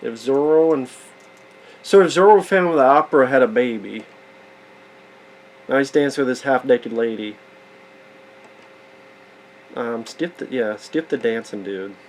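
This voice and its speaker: A man's voice: mid-range voice, a little slow, pauses often, rough recording. Sarcastic man riffing on a movie. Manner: sarcastic, swearing, incredulous. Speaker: movie reaction commentator. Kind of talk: casual profane movie commentary.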